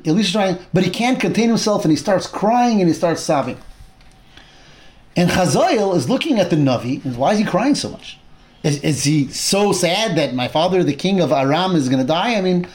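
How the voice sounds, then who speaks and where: A man teaching a Torah class, retelling a Bible story with animated storytelling and Hebrew terms mixed in. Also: sits high.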